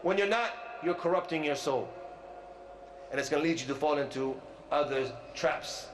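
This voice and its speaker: A man giving a lively lecture sermon as a visiting sheikh, talking loudly into a close microphone, firing questions at the crowd and teasing them. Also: on the high side, normal speed, noisy background. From USA. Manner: animated, asks the crowd questions and teases them; loud voice, by his own account. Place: large multi-floor community centre hall.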